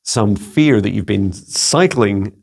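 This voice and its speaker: A Scottish man with a lowish, creaky voice speaks slowly but expressively. He's a psychic mentor hosting a spiritual guidance channel, musing casually and searchingly, his speech dotted with "you know" and "um."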